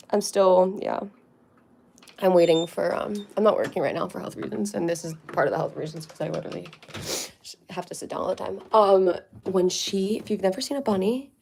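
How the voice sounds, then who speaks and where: A young woman with a medium-pitched, darkish voice chats on a casual livestream from her family home. Out of breath, she rambles with lots of "like" and baby-talks to her pets.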